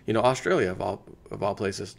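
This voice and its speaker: A man's voice: fairly low pitch, brisk, creaky. Chatty American man rambling on camera. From United States. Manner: chatty, rambling, thinks aloud with restarts. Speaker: channel host. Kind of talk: casual sponsor segment.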